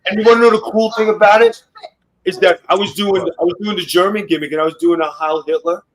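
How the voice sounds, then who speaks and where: A middle-aged man, a guest on a podcast, telling wrestling stories in rough, swearing-heavy casual talk. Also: high-pitched, quick pace, background noise. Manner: profane, boastful storytelling.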